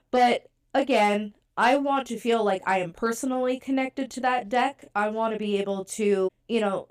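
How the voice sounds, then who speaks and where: A woman hosting a podcast, talking casually and chattily with a stuffy, congested nose. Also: mid-range voice. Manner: chatty, conversational, many fillers. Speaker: podcast host. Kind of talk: casual podcast talk about tarot.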